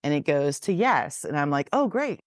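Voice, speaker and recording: A woman in her forties co-hosting a podcast, chatting casually and acting out the quotes in her stories with animated energy. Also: low voice, normal speed, no echo, studio quality. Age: 40s. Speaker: podcast co-host. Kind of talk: casual storytelling chat.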